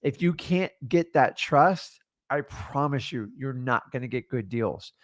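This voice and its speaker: A man's voice: medium pitch, lively intonation, a little slow, no room sound, studio quality. A man co-hosting a real estate training, speaking in an emphatic, motivational style with short punchy lines and rhetorical questions. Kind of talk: motivational coaching talk.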